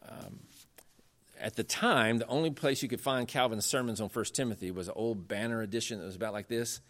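A man's voice: fairly quick, fairly bright tone. A man giving a lecture on church history, earnest and emphatic, talking in a conversational way and pushing his voice up to stress points. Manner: earnest, emphatic, rising in pitch when making points; conversational with frequent fillers.

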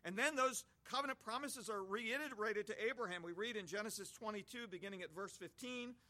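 A man's voice: sits high, brisk, pushed and bright. A man preaching an expository sermon, reading scripture aloud and explaining it with homely images.

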